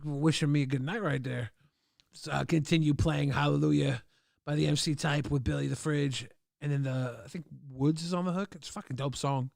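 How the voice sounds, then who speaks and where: A man streaming live, chatting casually and reacting to videos with excitable, profane outbursts. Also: on the high side, moderate pace, creaky, no echo, studio quality.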